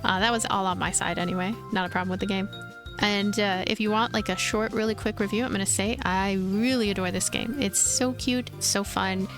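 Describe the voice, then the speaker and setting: A woman's voice: medium pitch, fairly even intonation, a little fast, over music. A woman hosting a game let's play, chatty and giggly, in casual commentary. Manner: chatty and giggly, many likes.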